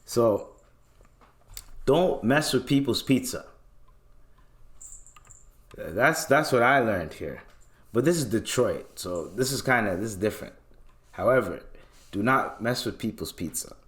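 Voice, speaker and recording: A man's voice: mid-range voice, a little slow, pauses often. A young man from Canada hosting a casual solo podcast, talking in loose slang and acting out little scenes as he goes. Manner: loose, slangy and animated, acts out voices in bits. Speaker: podcast host.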